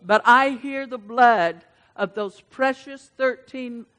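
Fervent high-voiced woman preaching. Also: slow, clear, resonant tone. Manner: fervent, swings between shouting and hushed asides; addresses the congregation directly. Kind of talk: sermon.

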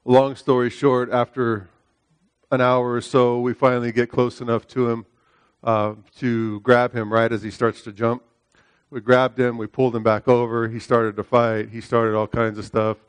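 Telling a personal story during his sermon, a middle-aged man keeps a level tone and moderate pace in a clear, resonant voice with no echo. He is emphatic, repeats phrases, often asks "right?", and moves between loud, high preaching and softer narration.

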